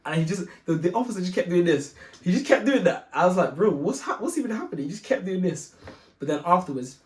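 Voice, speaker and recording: A young man telling a story in a slangy, animated way, acting out the other people's voices. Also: fast talker. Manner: slangy, acts out voices, gets loud and high when excited. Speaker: guest telling his story. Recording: echoey room.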